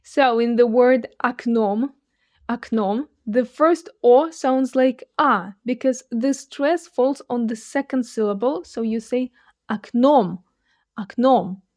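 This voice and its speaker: A woman gives a language lesson at an unhurried pace, her voice pitched a touch high. She lays out each pronunciation point clearly and models the example phrases slowly and with careful articulation. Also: darkish tone. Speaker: Russian teacher. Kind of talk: language lesson with shadowing drills.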